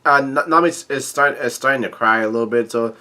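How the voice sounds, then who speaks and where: A man casually recapping a comic chapter, halting and full of fillers. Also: mid-range voice, bright, forceful tone. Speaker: manga chapter reader. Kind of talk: casual manga recap reading.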